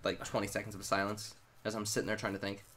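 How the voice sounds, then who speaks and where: A man's voice: lowish voice, quick pace, slight background noise. A man co-hosting a gaming video, chatting casually and telling stories with lots of swearing over game music. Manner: animated storyteller, swears a lot, loud sudden shrieks. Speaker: gaming co-host. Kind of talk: casual let's play chat.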